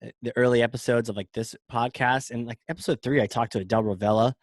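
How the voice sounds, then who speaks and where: A man's voice: mid-range voice, steady tone, fast, no room sound. Upbeat man with a Boston accent. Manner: upbeat, playful questioning. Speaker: podcast host. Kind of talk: casual podcast conversation.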